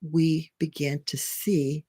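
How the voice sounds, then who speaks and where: A husky-voiced spiritual and life coach teaches in a loose, conversational way. The talk rambles with restarts and constant "right?" check-ins, at a middle pitch. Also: level tone, slow, dark tone. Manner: rambling, full of restarts and tag questions.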